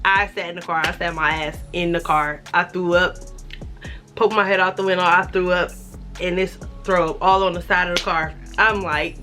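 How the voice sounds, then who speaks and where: A woman in her twenties telling a casual story-time vlog, animated and profane, acting out the dialogue. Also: on the low side, normal speed, faint music behind. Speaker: vlogger.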